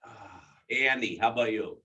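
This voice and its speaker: A man's voice: lowish voice, moderate pace. A man on a call joining in with playful, laughing banter. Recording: distant muffled audio under loud noise.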